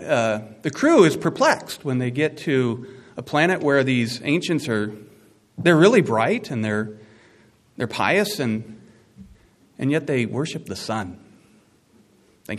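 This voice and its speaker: A man preaching a sermon, animated and conversational, with asides and emphatic rising peaks. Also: mid-range voice. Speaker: pastor.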